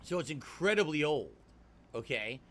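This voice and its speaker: A man's voice: on the high side, big pitch swings, normal speed, a bit bright, slight background noise. A man streaming as he reacts to his own old clips, chatty and self-mocking. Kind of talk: casual stream commentary.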